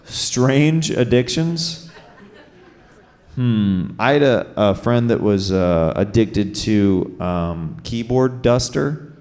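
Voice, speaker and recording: A man's voice: fairly low pitch, expressive, takes it slowly, a little mellow. A man hosting and doing improvised stand-up on a comedy festival stage, loosely riffing on audience suggestions into a handheld mic. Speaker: host and comedian. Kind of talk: improvised stand-up and crowd work.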